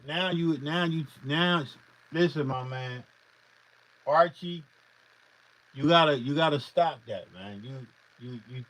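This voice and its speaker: A man with a slightly raised voice rants to his livestream chat between beats. He swears freely, repeats words as he winds himself up, and swings from loud outbursts to muttering. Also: a little high, low-quality recording. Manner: profane, heated, repetitive, swinging loud and quiet. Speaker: beat producer streaming live. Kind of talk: casual livestream rant to chat.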